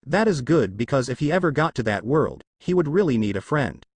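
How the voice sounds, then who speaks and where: A man reading a fan fiction story aloud in an even, matter-of-fact way. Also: mid-range voice, brisk, breathy edge, no echo. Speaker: narrator.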